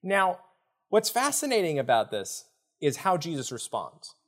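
A man's voice: on the high side, unhurried. A man who is a podcast guest and author, explaining a Bible story in conversation and acting out the speakers he quotes. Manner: animated, acts out quoted speakers while explaining.

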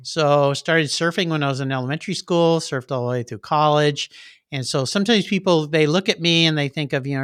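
Middle-aged podcast host as a guest, bright upbeat storyteller, dry booth sound. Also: male voice, a little high, a little fast, clear, resonant tone, no room sound. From Southern California. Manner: upbeat storyteller, acts out voices in anecdotes. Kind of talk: casual interview chat.

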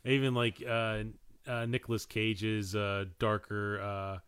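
A man co-hosting a podcast in relaxed casual chat, laughing often and using many fillers. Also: fairly low pitch, takes it slowly, clean tone. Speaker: podcast co-host.

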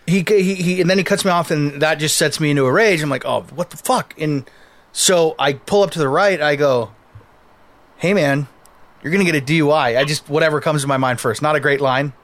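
A man's voice: on the high side, brisk, a bit bright. A man co-hosting a casual podcast, telling a story, stammering and swearing as he gets heated. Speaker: podcast co-host.

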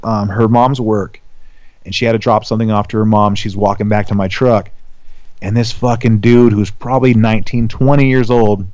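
A man's voice: fairly low pitch, no echo. A man in his thirties, a podcast guest, telling stories in casual chat, swearing a lot and acting out quotes. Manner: animated, profane, acts out quotes in raised voices.

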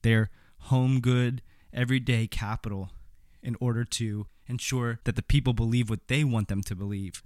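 A man's voice: mid-range voice, no room sound, clean studio sound. A man giving opinionated political commentary in a sarcastic, indignant, mocking manner.

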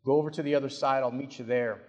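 A man voicing Jesus as a calm, authoritative male teacher, speaking low and measured in a hall with long reverb. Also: dull audio, natural voice.

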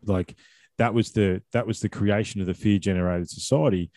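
Aussie guy in his 40s, really deep mellow voice, rambly, dry close sound. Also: fairly even intonation, normal speed, no room sound. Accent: Australian. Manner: rambling, repeats words. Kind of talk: casual conversation.

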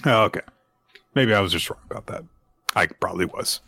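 Low-pitched man, bright dry voice. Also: animated, gravelly, no echo. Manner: acts out character lines in quick put-on voices. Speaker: podcast co-host recapping manga. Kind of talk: casual chat.

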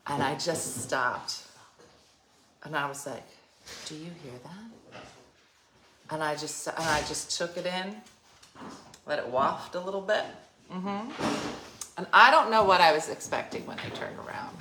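Rambling, lively-voiced woman host in her fifties. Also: sits low, unhurried, pauses often, echoey room, background noise. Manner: chatty, rambling storyteller with frequent laughs. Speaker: radio show host. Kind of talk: casual chat.

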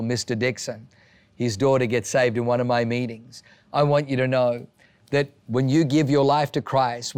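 A male pastor giving a sermon with animated storytelling, acting out the voices of people in his stories. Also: medium pitch, smooth, dry recording.

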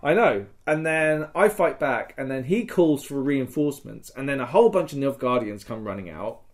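A man, a podcast host telling a live-action role-play story in casual chat, swearing, laughing and acting out shouts. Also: mid-range voice, expressive, normal speed. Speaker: podcast host recounting a LARP event.

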